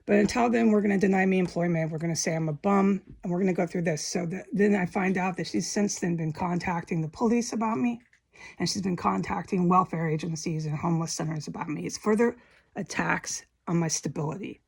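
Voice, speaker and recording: A woman's voice: fairly low pitch, fairly quick, creaky, breathy edge. A woman giving an emotional first-person account of a frightening confrontation, repeating herself, swearing and acting out what people said. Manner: emotional, repetitive, swears, acts out quotes. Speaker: vlogger giving personal testimony.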